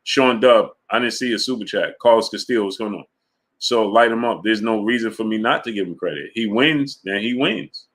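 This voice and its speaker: A man's voice: fairly low pitch, fairly quick. Fired-up man hosting a boxing stream. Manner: greets viewers by name between points, rising and forceful when arguing. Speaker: boxing talk show host. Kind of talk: live-stream chat reading super chats.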